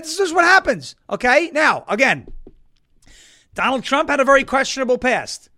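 A man from Long Island, New York, hosting a political talk show with wisecracking, sarcastic commentary and bursts of loud emphasis. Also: very high voice, big pitch swings, normal speed. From Suffolk County, New York, US.

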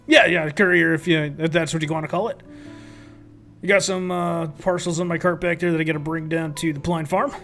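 Man voicing a talkative courier NPC; fillers, hesitant, friendly, a bit high-pitched. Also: fairly even intonation, a little fast, fairly bright tone, faint music behind. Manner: rambling, hesitant, full of fillers. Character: chatty friendly male courier, middle-aged.

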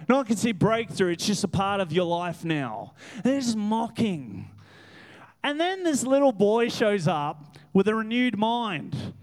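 A man preaching a lively, animated sermon in church as guest pastor. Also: high-pitched, unhurried. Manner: animated, laughing, acts out voices. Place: church hall with congregation.

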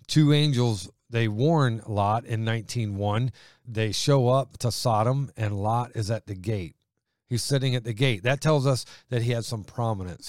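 A male preacher delivers a fervent sermon, pressing his points with emphasis and swinging between loud declarations and quieter asides. His voice sits in a middle pitch. The sound is dry and close, with little room around it. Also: no room sound.

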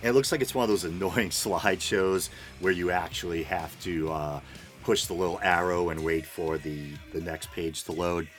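A man's voice: deep voice, moderate pace, a bit bright, soft background music. A man hosting his show alone, just up from a nap, rambling through an unscripted monologue with wry, self-mocking asides. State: groggy after a nap. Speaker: podcast host.

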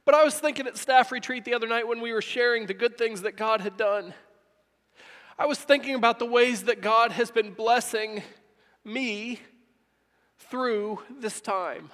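A man's voice: very high-pitched, normal speed, a bit bright, big-room sound. A male pastor giving a heartfelt sermon, speaking earnestly and repeating phrases for emphasis.

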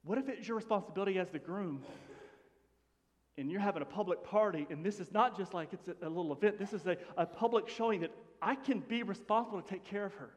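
A man preaching a sermon to his congregation in an animated, conversational way, often dropping to a hush. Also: high-pitched, fast talker. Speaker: pastor. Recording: long hall reverb.

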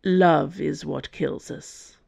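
Brief: a rough, brooding male musketeer, stiff and deadpan, low-voiced and unhurried, read by a woman. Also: no echo, clean studio sound, heavily acted. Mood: grave.

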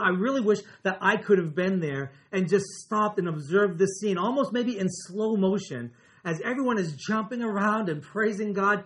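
Male pastor, high for a man, earnest sermon delivery, lingers on key words. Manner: earnest, slows and drops his voice on key words.

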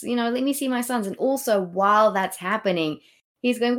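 A woman's voice: on the high side, steady tone, fairly quick, fairly bright tone. A woman co-hosting a podcast, playful and joking, mimicking characters as she talks. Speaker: podcast co-host. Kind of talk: casual literary discussion.

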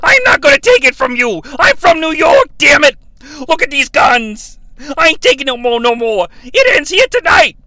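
A man doing an impression of a brash, loud male wrestling promoter from New York who rants and shouts. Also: very high voice, huge pitch swings, a little slow, exaggerated voice, rough recording. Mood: ranting. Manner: ranting and shouting, self-pitying bluster.

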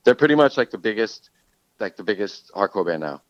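A man hosting a casual chat who swears a lot and tells animated stories. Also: lowish voice, a little fast, dry recording, dull audio. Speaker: podcast host.

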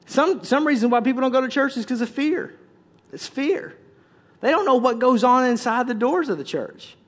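A man's voice: very high voice, lively intonation, normal speed, in a large hall. A man, a pastor, preaching a conversational, joking sermon, full of restarts and acted-out quotes.

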